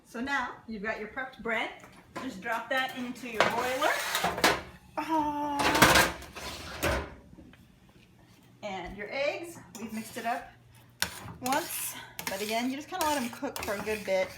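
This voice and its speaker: A woman with a slightly high voice demonstrates a home recipe in her kitchen, speaking slowly with long pauses. She's chatty and rambling with joking asides, and the echoey room carries background clatter of dishes and pans.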